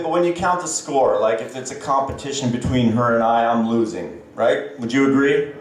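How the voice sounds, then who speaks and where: A Canadian man in his thirties doing a stand-up set on stage, self-deprecating and halting, with many fillers. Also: mid-range voice, heavy reverb, distant mic. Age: 30s. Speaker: stand-up comedian. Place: comedy club stage. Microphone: handheld stage mic.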